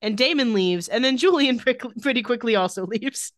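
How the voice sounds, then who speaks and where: A woman's voice: fairly high pitch, normal speed, dry recording, studio quality. Sarcastic woman recapping scenes. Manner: sarcastic, retells scenes by reading lines in a flat voice. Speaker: podcast co-host recapping a TV episode. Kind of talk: casual chat.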